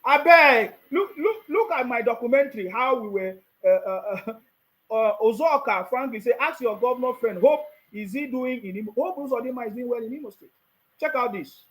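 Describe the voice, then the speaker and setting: A man's voice: extremely high pitch, expressive, moderate pace, fairly bright tone. A man with a Nigerian accent giving political commentary in a vlog, mocking his opponents with rhetorical questions and frequent laughter.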